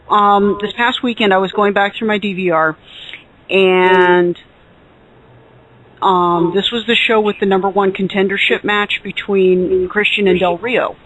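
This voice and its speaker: Male co-host, opinionated, high pitch, fed-up tone. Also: fairly bright tone, rough recording. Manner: opinionated, exasperated. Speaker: podcast co-host. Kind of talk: casual wrestling chat.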